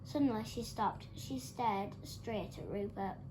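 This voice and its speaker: A woman reading a children's picture book aloud, lively and animated, giving the characters their own voices. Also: mid-range voice, a little slow, noisy background. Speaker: storybook reader.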